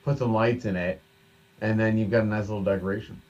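A man's voice: lowish voice, fairly even intonation, fast talker, darkish tone, distant mic, highs cut off. A man co-hosting a casual podcast over drinks, joking, laughing often and swearing casually. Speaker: podcast co-host.

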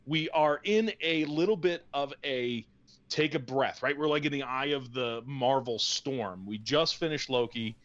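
A man's voice: medium pitch, a little slow, a bit bright, muffled recording. A man co-hosting a podcast in casual chat, rambling and joking, with lots of fillers. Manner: rambling, jokey, full of fillers. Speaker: podcast co-host.

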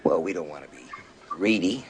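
A man's voice: sits low, lively intonation, normal speed, slight background noise. An actor playing a ruthless, greedy corporate raider who needles and mocks his rival in a film scene. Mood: smug. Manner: smooth, mocking, needling.

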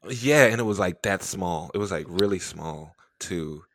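A man's voice: low voice, unhurried, slight background noise. A man hosting a podcast, telling a story in casual chat and animatedly acting out what people said. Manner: animated, acts out quotes with laughs and whispers. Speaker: podcast host.

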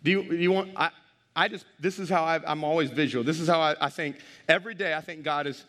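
A male pastor preaching a sermon to a congregation, animated and direct, calling out to the crowd. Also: a little high, fast talker, big-room sound.

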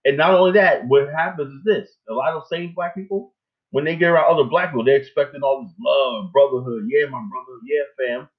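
Over a tinny phone line, a man with a slightly high voice speaks fast as host of a casual talk show. He rants emphatically and rambles, using many filler tags and plenty of swearing.

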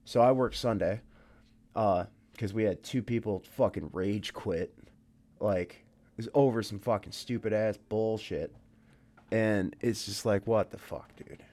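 A man's voice: fairly low pitch, a little slow, warm tone. A tired man co-hosting a casual podcast. He swears freely and fills his talk with "dude" and "like.". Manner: profane, says "dude" and "like" a lot. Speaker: podcast co-host. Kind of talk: casual chat.

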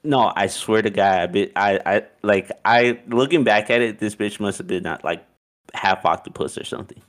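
A man's voice: fairly low pitch, normal speed. A young man casually telling a story, loose and profane, with "like" in nearly every line. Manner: loose and profane, heavy use of "like".

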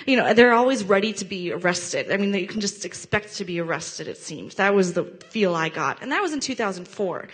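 A woman's voice: medium pitch, lively intonation, a little fast, few pauses, breathy edge, soft background music. Woman, mid-range voice, casual earnest host commenting on a documentary. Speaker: host of a Christian prayer video.

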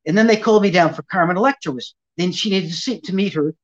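A man's voice: sits high, fast. An older man, a ventriloquist guest, telling a long anecdote in an interview and acting out the people in it. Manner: animated anecdote teller, acting out quoted voices. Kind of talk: storytelling interview chat. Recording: dull lo-fi audio.

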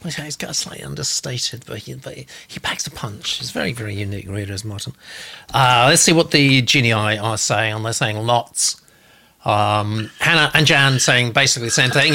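A man's voice: mid-range voice, fairly quick, bright, forceful tone. A man hosting a casual live show, chatting loosely and reading out audience comments. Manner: chatty, reads out comments with fillers. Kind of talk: casual live-stream chat.

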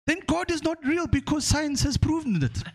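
A smug, lecturing male professor who quizzes his listener with slow, mocking questions, as a man puts him on. The voice sits far above a normal man's speaking pitch. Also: sing-song, a little mellow, exaggerated voice.

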